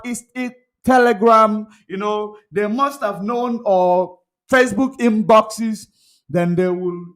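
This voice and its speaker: A man's voice: extremely high pitch, a bit bright. A man giving a political commentary vlog, emphatic and repetitive, full of "you know" fillers. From Nigeria. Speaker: political blogger.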